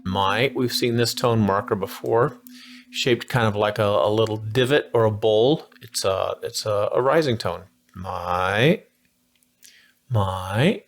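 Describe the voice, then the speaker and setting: A man's voice: lowish voice, normal speed. A man giving a casual, playful video language lesson with a breezy, slangy manner. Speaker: language teacher.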